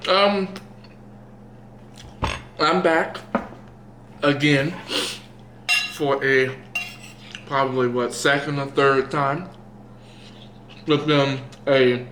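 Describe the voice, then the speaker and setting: Eating indoors at home, a young man vlogs into a camera mic in a slightly high, somewhat bright voice, rambling casually and poking fun at himself while woozy from dilated eyes. A little hiss or hum, roomy echo, and faint dish clatter come through.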